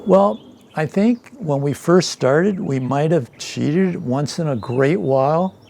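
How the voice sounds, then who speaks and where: A man's voice: on the high side, lively intonation, slow pace, creaky, darkish tone. A man in his eighties, a guest telling stories in a casual interview, hesitant with many uhs and chuckling at his own tales. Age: 80s. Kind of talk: casual storytelling.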